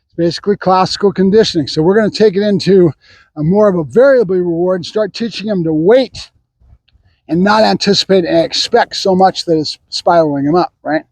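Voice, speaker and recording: Guy dog trainer talking it through, kinda husky, fairly high voice, dog around. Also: a little fast, darkish tone, no room sound, rough recording. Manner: explanatory, gives dog commands in French. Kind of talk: casual training vlog talk. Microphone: camera set up on his own.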